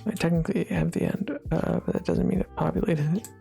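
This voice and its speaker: A livestreamer chatting casually with a live audience while gaming, rambling with lots of fillers and restarts in a relaxed, drowsy way. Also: mid-range voice, a little fast, creaky, soft background music.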